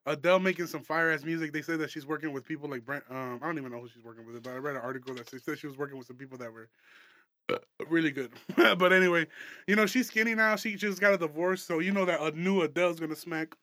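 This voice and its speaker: Young dude rambling and cussing on his podcast, bright kinda high voice, dry sound. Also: quick pace, dry recording. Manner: loose, profane, laughing often, rambling. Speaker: podcast host. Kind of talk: casual comedy podcast chat.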